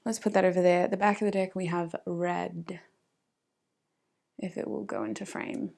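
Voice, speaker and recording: A woman's voice: lowish voice, level tone, normal speed, gravelly, darkish tone. A woman with an Australian accent giving a casual tarot reading, chatting to spirit and to her viewers and often laughing. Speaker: tarot reader.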